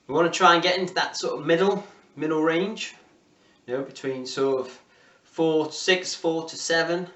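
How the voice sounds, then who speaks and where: A man's voice: on the high side, moderate pace, sharp tone, reverberant, recorded from a distance, lo-fi sound. A man with an English accent leading a home workout class, encouraging and counting down reps. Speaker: fitness instructor.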